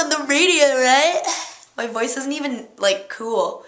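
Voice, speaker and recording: A woman's voice: sits high, lively intonation, unhurried, fairly bright tone. A young woman from Canada with a girlish voice, chatting casually to the camera at home, easily distracted and giggly. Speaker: vlogger. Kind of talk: casual chat.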